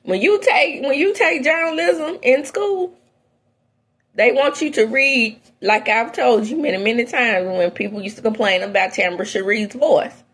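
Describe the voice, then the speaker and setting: A woman's voice: normal speed, a bit bright. Outspoken woman dishing gossip. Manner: outspoken, swings from low mutters to high exclaims. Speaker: entertainment gossip host. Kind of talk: opinionated casual commentary.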